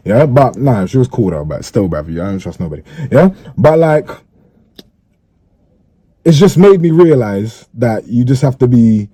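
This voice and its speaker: A man's voice: medium pitch, expressive, normal speed, dark tone, breathy edge, no echo. A man talking casually in an interview, laid-back and full of slang, often checking that he is understood. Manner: laid-back, peppers speech with slang and "you get me" checks. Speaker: interviewee in a played clip.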